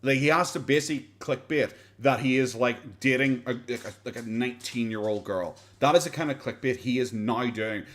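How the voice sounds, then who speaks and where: An Irish man talks over a video in casual reaction commentary. His voice sits at an ordinary pitch, and his tone is sarcastic and salty, with frequent swearing and laughter. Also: fairly quick, hardly any pauses, fairly bright tone. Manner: sarcastic, profane, laughs often.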